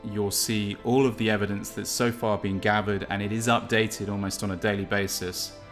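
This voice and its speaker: A man's voice: on the low side, level tone, normal speed, soft background music. A man from England talking in a rambling, opinionated monologue while walking along a beach for his vlog. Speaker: vlog host. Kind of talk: casual walk-and-talk vlog. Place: outdoors on a beach.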